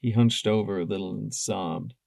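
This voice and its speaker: A man's voice: on the low side, fairly even intonation, normal speed, gravelly, dry recording. A man narrating a first-person fan audiobook in an emotive way, close to the mic. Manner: emotive, shifting from tense to hushed.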